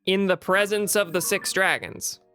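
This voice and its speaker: Male game streamer: bright, slightly high voice, puzzles aloud with light self-mockery over faint music. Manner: musing aloud, self-mocking, quick laughs. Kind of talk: casual let's-play commentary.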